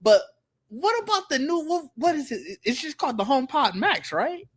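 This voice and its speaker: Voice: high-pitched, very animated, normal speed. A podcast host rambling through casual tech chat, restarting sentences and acting out imagined remarks.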